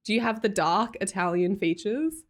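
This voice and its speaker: A woman's voice: mid-range voice, expressive, normal speed. An Australian woman hosting a livestream, chatting casually and reading out viewer comments in a bubbly way, laughing often. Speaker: livestream host.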